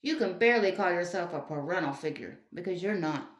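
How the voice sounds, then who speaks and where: A woman's voice: on the low side, expressive, fairly quick. A woman delivering an indignant commentary rant, scolding with repeated rhetorical questions. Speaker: online commentator. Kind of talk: ranting commentary video. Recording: roomy echo.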